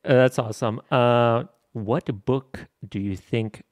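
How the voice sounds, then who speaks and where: A man's voice: mid-range voice, fairly even intonation, slow pace. Easygoing male podcast host. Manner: easygoing, laughs along, hesitant with fillers. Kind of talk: casual interview chat.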